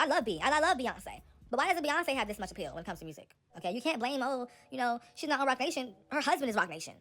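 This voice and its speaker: A woman runs a celebrity gossip show, speaking fast and high with a lively, swooping pitch. She is sassy and opinionated, addressing viewers directly in casual commentary, with faint music underneath.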